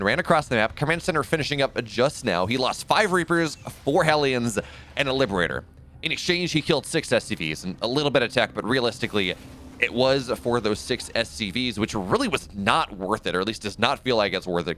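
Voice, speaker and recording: Lively male esports caster. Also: medium pitch, a little hiss or hum. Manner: animated, goofy, energetic. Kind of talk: live esports commentary.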